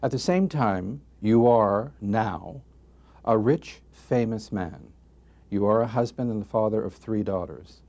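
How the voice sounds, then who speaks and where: A man interviewing a guest, asking long deliberate, pointed questions. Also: on the low side, a little mellow.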